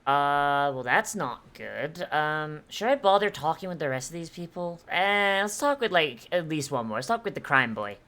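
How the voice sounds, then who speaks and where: Brief: young woman streamer, lowish voice, profane, loud when excited. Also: normal speed, hardly any pauses. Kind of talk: casual live-stream commentary.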